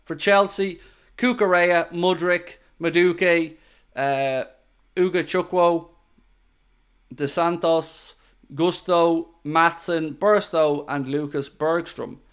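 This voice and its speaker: A man's voice: fairly high pitch, fairly even intonation, slow pace, fairly bright tone, clean tone. A man hosting a live football watchalong, chatting casually, thanking viewers and giving tactical opinions. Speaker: football channel host.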